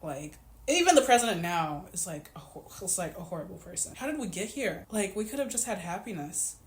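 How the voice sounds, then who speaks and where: A woman in her twenties chatting casually to camera in a vlog, animated and full of "like". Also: on the low side, a little fast. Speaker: vlogger. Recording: echoey room, faint background noise.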